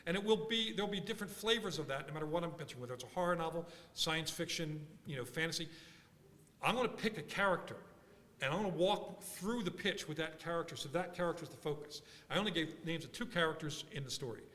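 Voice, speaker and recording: A man from Philadelphia giving a conference workshop talk, animated and thinking aloud with frequent restarts. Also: fairly high pitch, fast. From Philadelphia, USA. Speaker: workshop speaker. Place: large conference hall. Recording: conference hall reverb.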